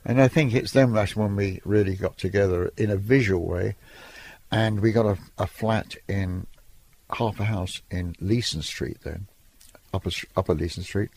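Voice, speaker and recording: Here a slightly rough, somewhat mellow male voice on the low side speaks at a moderate pace. He is an older photographer from Ireland, chatting and laughing as he recalls his career in a storytelling interview.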